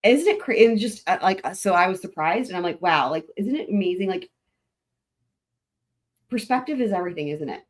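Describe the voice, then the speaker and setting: A woman's voice: mid-range voice, expressive, fairly quick, long pauses. A woman hosting a casual livestream, chatting with her viewers in a rambling, laughing way, with a lilt. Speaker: livestream host.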